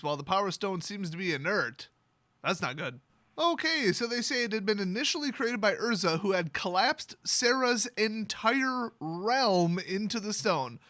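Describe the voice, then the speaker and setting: A man's voice: high-pitched, pushed and bright, no echo. A man hosting a video, retelling a fantasy novel with sarcastic, mocking asides. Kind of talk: sarcastic comedic story retelling.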